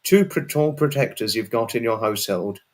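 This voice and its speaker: A man's voice: medium pitch, expressive, fairly quick. A man hosting a casual livestream and chatting with viewers. He rambles and repeats himself, and now and then breaks into a sweary outburst. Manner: rambling and repetitive, often restarts and repeats phrases. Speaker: livestream host. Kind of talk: casual livestream chat, answering viewers' messages.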